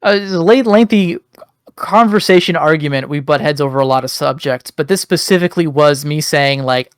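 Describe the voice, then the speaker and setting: A man co-hosting a podcast, making his points in a measured, step-by-step way in casual discussion. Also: fairly high pitch, clear, resonant tone, no echo, studio quality. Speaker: podcast co-host.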